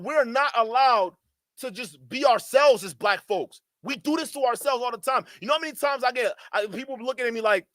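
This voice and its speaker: A man's voice: very high voice, brisk, a bit bright, dry recording, clean studio sound. A man hosting a livestream, giving heated, profane commentary in a ranting manner. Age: adult. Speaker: streamer host.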